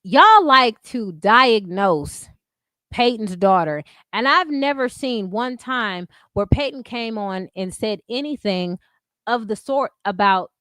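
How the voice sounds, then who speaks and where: A woman with a voice on the high side and a bit bright hosts a livestream, recorded studio-quality with no room sound. She rants in a profane, combative way, answering her chat in heated, casual commentary.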